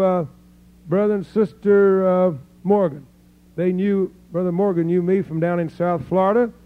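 Older male preacher, high-pitched voice, folksy rambling sermon, tinny phone-like tape. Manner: folksy, rambling storyteller with laughs and praise interjections. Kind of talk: sermon testimony to a congregation.

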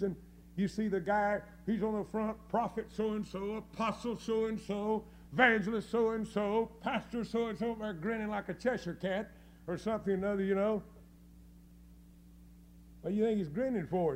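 A man preaching a fiery sermon, folksy and scornful, dropping to low mutters and rising to loud cries. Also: slight background noise. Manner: folksy, scornful, with mocking quoted voices.

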